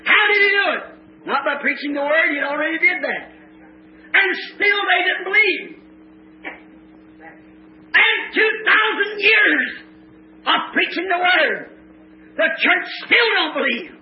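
High-pitched preacher guy shouting his sermon, old echoey tape sound, kinda tinny. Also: expressive, unhurried, long pauses, a little hiss or hum. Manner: impassioned, preaching in bursts, often shouting. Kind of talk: fervent revival sermon.

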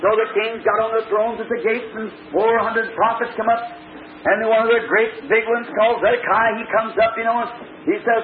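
A man's voice: sits high, fairly even intonation, moderate pace, echoey room. A man preaching a folksy storytelling sermon, plain-spoken and colloquial, acting out the people in his story. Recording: tinny lo-fi old recording with hiss.

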